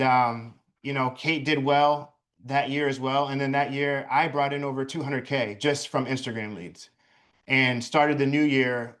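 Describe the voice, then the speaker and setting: A man's voice: mid-range voice, fairly bright tone. A man who works as a videographer, speaking bluntly and emphatically in casual chat and swearing freely.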